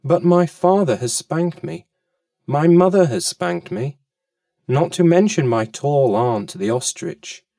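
A polite, endlessly curious young elephant calf, as a male narrator gives him voice, pleading courteously and often with lively, rising emphasis. The voice is slightly gravelly and a touch off-mic. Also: sits high, takes it slowly, no echo, studio quality, far from the mic, exaggerated voice.

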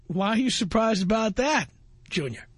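A man's voice: high voice, expressive, a little slow, no room sound. A man hosting a talk radio show, reading a listener's message aloud and mocking it with sarcastic scolding.

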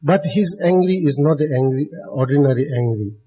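A man's voice: fairly high pitch, brisk, dark tone, slightly rough, poor audio. A man giving a dharma talk to a live audience in non-native, broken English, speaking directly to his listeners and chuckling often. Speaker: Buddhist dharma teacher.

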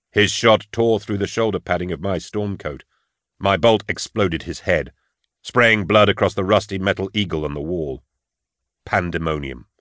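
Grave, low-voiced man reading an audiobook. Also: a bit bright, no room sound, clean studio sound. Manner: grave, measured and sombre. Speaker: audiobook narrator. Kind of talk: scripted first-person audiobook narration.

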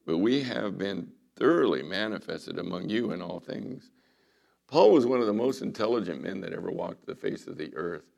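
Gravelly male pastor preaching. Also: sits low, animated, normal speed, a little mellow. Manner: dramatic retelling, drops to a whisper for quotes. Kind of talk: sermon.

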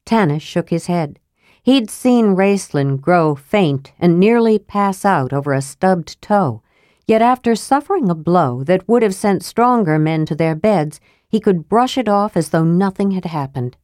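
A woman narrating a fantasy audiobook in a steady, even reading voice. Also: fairly low pitch, unhurried, no room sound, clean studio sound.

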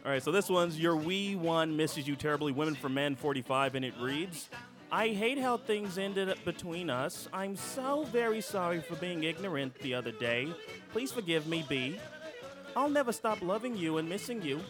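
Podcast host dude reading posts out loud, bouncy voice that jumps around a lot, kinda high, music going behind him. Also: male voice, moderate pace. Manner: laughs often, animated reading voice. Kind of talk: casual podcast banter, reading listings aloud.

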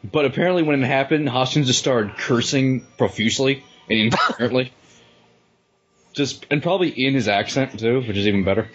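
A man's voice: mid-range voice, a little fast, slightly rough, lo-fi sound. A man casually commenting on a movie while it plays, laughing often and swearing as he reacts. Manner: laughs often, profane, excitable.

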